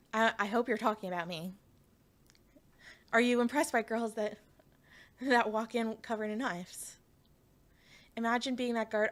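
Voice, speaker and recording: A woman's voice: fairly high pitch, normal speed, long pauses, a bit bright. A young woman from Canada, streaming and telling a story in a rambling, laughing way with lots of fillers and restarts, talking to her chat.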